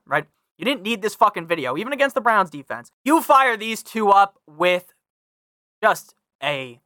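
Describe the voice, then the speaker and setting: Young male fantasy sports podcaster, brash and profane, bright forceful tone, dry close sound. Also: sits high, no echo. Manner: brash, swears freely, talks to listeners directly; reads a sponsor ad. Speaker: fantasy football podcast host. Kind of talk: casual profane sports analysis.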